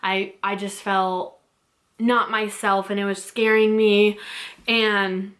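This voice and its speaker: A woman's voice: medium pitch, flat delivery, takes it slowly, a bit bright. A young woman vlogger telling a personal story in a casual, rambling way with many fillers and restarts, close to tears. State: teary, close to crying.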